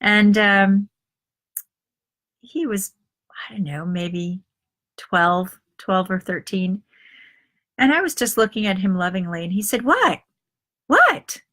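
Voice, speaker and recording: A woman's voice: mid-range voice, a little slow, fairly bright tone. Middle-aged woman, confiding life coach. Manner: confiding storyteller who acts out quoted voices. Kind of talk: live video talk to an online group.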